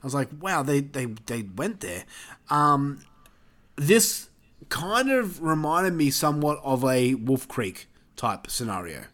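A man's voice: medium pitch, very animated, slow pace, a bit bright. A man chatting casually as a podcast co-host reviewing films, loose and sweary, laughing often. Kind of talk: casual chat.

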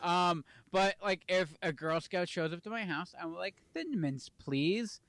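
A man's voice: sits high, fairly even intonation, normal speed, fairly bright tone, clear, resonant tone, no echo, studio quality. A young adult man co-hosting a casual chat show, rambling, swearing casually and losing his train of thought. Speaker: podcast co-host.

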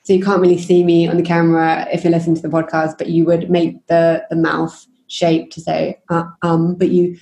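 Low, flat-voiced woman hosting a podcast. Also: brisk, few pauses. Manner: relaxed, many fillers, laughs easily. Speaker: podcast host. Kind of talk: casual interview chat. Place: remote video call. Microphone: video call.

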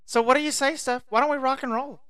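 A woman's voice: high-pitched, fairly even intonation, quick pace, fairly bright tone, clean tone, dry recording. A woman co-hosting a podcast in casual chat, brassy, playful and self-assured, talking into a studio microphone. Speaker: podcast co-host.

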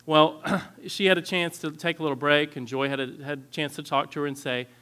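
A man in his thirties giving a candid, earnest lecture on parenting styles, often clearing his throat. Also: a little high, level tone, fairly quick, few pauses, bright, forceful tone. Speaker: parenting instructor.

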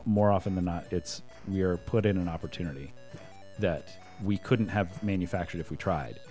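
A man with a fairly low voice talks through Bible stories in a relaxed podcast conversation. He thinks out loud, circling back with fillers and restarts. Faint music sits quietly behind him. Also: normal speed. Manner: thoughtful, rambling, with fillers and restarts. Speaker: podcast co-host. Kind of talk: casual chat about the Bible.

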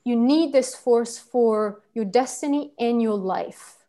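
A woman's voice: on the high side, takes it slowly, dark tone. A woman leading a personal-growth workshop, speaking earnestly and searching for words, with fillers and restarts. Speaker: workshop facilitator. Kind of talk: teaching talk on personal growth.

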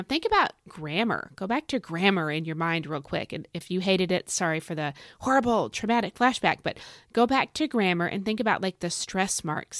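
A woman's voice: medium pitch, no room sound, clean studio sound. A middle-aged woman hosting a devotional podcast, chatty and playful, piling up emphatic repetitions and asides. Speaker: podcast host. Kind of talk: upbeat devotional podcast talk.

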